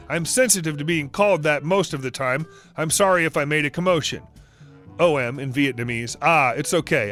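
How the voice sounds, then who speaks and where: A man's voice: a little high, fairly bright tone. A man narrating reddit stories, reading every character's dialogue in the same voice. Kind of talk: scripted story narration.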